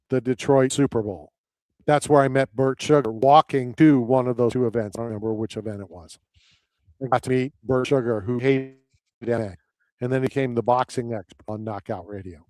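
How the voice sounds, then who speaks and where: Rambling talk radio host, dry sound. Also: male voice, mid-range voice, fairly quick, a little mellow, no room sound. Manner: rambling storyteller, acts out voices in anecdotes. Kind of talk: casual chat.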